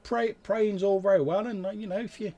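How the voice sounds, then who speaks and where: A man's voice: high voice, steady tone, a little fast, warm tone, voice pushed up. A man doing a chatty ferryman. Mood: gossipy. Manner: chatty, rambling, full of fillers. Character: gossipy middle-aged male ferryman.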